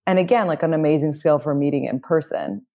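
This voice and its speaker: A woman's voice: low voice, fast, warm tone. A woman guest giving dating advice in casual conversation, outgoing and confident, with frequent fillers.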